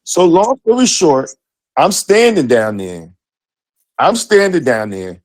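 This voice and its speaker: A man's voice: a little high, very animated, slow, no room sound. A middle-aged man, co-host of a sports talk show, telling a story with profanity and emphatic acted-out dialogue. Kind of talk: animated storytelling.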